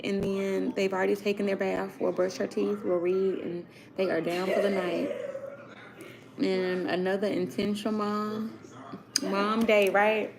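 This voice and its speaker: A woman's voice: mid-range voice, vocal fry, rough recording. A woman in her thirties vlogging casually from her kitchen, talking to viewers as y'all about cooking for her kids. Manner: chatty, addresses viewers as y'all. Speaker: vlogger mom. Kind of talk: casual vlog chat. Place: home kitchen with kids nearby. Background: children talking.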